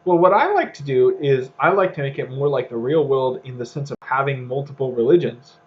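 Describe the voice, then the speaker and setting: A man's voice: medium pitch, expressive, fairly quick, lo-fi sound. A man co-hosting a casual podcast discussion, thinking aloud with many fillers and restarts. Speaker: podcast co-host.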